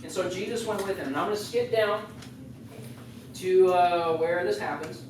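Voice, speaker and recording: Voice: medium pitch, normal speed, a little hiss or hum. Chatty youth leader in an echoey room. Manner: joking, chatty, with rambling asides. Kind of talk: casual youth sermon. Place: youth group meeting room. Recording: very echoey room, voice far from the mic.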